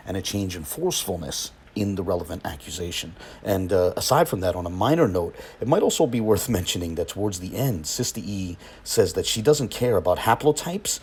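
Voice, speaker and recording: Male host, deep husky voice, measured commentary. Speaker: channel host. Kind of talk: scripted commentary.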